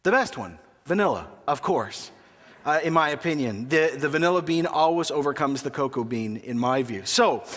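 High-voiced pastor in a reverberant hall. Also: male voice, animated, moderate pace, fairly bright tone. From Canada. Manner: conversational and humorous, asks the audience questions. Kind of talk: sermon. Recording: long reverb of a large hall.

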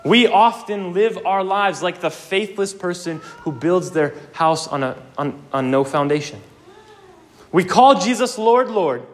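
A young man preaching a sermon, earnest and emphatic, with casual asides. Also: on the high side.

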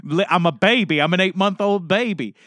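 A man playing an eight-month-old baby who speaks like a grown man, calm, formal and eloquent, in an improvised comedy. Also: sits high, a little fast, dry recording. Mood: deadpan. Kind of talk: improvised comedy role-play.

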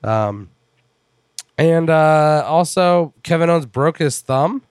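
A man's voice: fairly high pitch, animated, slow, smooth, dry recording, studio quality. A man co-hosting a wrestling podcast in casual chat, rambling and wry, with some swearing.

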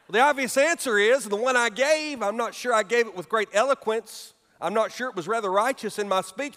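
A middle-aged man preaching a sermon as pastor, telling humorous stories with animated delivery in a church sanctuary. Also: extremely high pitch, normal speed. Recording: long reverb of a large hall.

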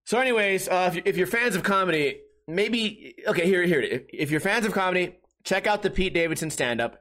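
A man's voice: high voice, expressive, a little fast, hardly any pauses, a bit bright. A man hosting a solo comedy podcast, ranting in an exasperated, mocking way with lots of repetition. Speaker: podcast host.

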